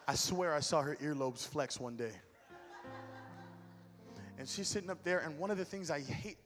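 A man's voice: a little high, fairly bright tone, big-room sound. A man preaching a sermon with humor, telling stories animatedly to his church. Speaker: pastor. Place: church hall with music.

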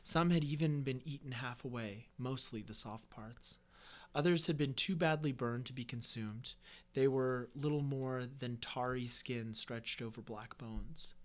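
A man with a voice of ordinary pitch, hosting a podcast. He reads a fantasy story in a casual tone. He keeps breaking off to add joking asides. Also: unhurried. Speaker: podcast host.

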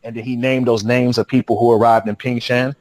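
Slangy animated man telling a story. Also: mid-range voice, brisk, dry recording, rough recording. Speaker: podcast guest. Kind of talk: casual storytelling.

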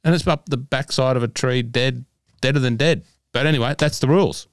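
A man co-hosting a casual golf podcast, telling stories in an animated way. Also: brisk, clear, resonant tone, no room sound, studio quality. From Scotland. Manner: animated storyteller, mimics people in high voices. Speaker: podcast co-host. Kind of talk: casual chat.

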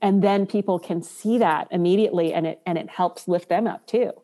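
A woman's voice: fairly low pitch, a little fast, dark tone. A woman speaks as an interview guest, a company co-founder. She talks casually and earnestly, reflecting as she goes.

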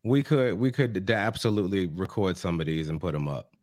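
A man's voice: low-pitched, lively intonation, a little fast, darkish tone, dry recording. A man co-hosting a casual podcast, reacting with blunt, laid-back comments and casual swearing. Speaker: podcast co-host. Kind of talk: casual chat.

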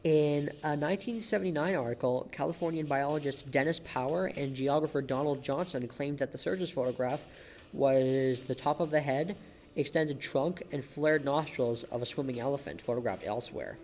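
A man narrates a solo podcast episode in a loose, conversational way at an ordinary mid pitch. He trips over his words, backs up and repeats himself, then pushes on. There is a faint hiss of noise behind him. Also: a little mellow. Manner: halting, with frequent restarts and repeated words; chuckles at his own jokes. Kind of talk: casual informational narration.

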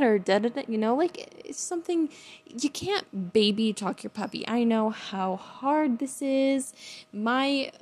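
A woman's voice: mid-range voice, a little mellow. A young woman, a dog trainer, hosting a casual educational vlog in a chatty, emphatic way. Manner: chatty and emphatic, laughs mid-sentence.

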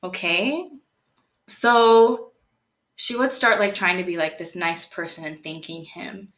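A woman's voice: on the low side, takes it slowly. Chatty young woman telling a crime story. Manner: chatty, animated, lots of "like" and rhetorical questions. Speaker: podcast host. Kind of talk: casual true-crime storytelling. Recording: roomy echo.

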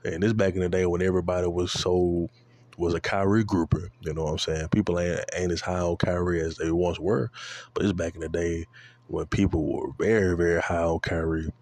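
Deep-voiced young man ranting about basketball. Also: level tone, a little fast, darkish tone. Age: 20s. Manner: profane, rambling, says "you know what I'm saying" often; bursts into high-pitched exclamations. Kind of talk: casual sports rant.

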